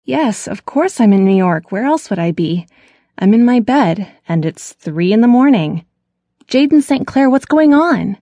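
A woman's voice: mid-range voice, moderate pace, dark tone, no room sound, voice pushed up, close to an everyday voice. A woman reading a snappy young woman woken at night. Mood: exasperated. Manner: exasperated, snappy. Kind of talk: audiobook character voice.

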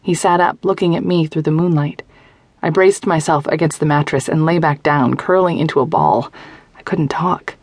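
A woman's voice: deep voice, moderate pace, a little mellow, no echo. Woman narrating a young-adult novel. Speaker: audiobook narrator. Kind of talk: first-person scripted narration.

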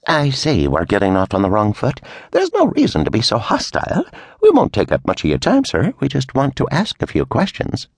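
Guy doing a pushy official in an audiobook, huffy, voice pitched up, gravelly edge. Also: wildly swooping pitch, brisk, no echo, studio quality. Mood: indignant. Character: brash male public official, indignant.

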